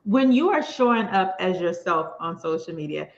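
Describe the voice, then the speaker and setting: A woman's voice: on the low side, animated, moderate pace. Enthusiastic Louisiana woman host on a lo-fi stream. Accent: Southern US, Louisiana. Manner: enthusiastic, folksy, frequent affirmations. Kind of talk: live-stream interview. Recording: echoey room, dull lo-fi sound.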